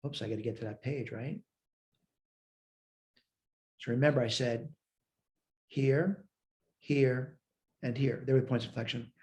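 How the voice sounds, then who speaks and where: A man with a mellow, darker tone walks through a math lecture step by step. He thinks aloud and checks his own work as he goes. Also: mid-range voice, fairly even intonation, measured pace, long pauses. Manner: talks through worked steps aloud, self-checking. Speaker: math instructor.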